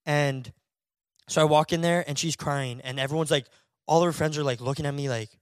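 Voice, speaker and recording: A man's voice: a little high, brisk, clear, resonant tone, no room sound, clean studio sound. Chatty young man telling a story. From Florida, US. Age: young adult. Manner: animated storyteller, acts out voices, lots of "bro" and "like". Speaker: podcast co-host. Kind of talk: casual storytelling chat.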